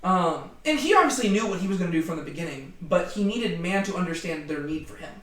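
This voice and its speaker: High-voiced man teaching, echoey and distant. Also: quick pace. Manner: animated, many fillers like "like" and "right?". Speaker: Bible study leader. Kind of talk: casual Bible study discussion. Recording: echoey room, distant from mic.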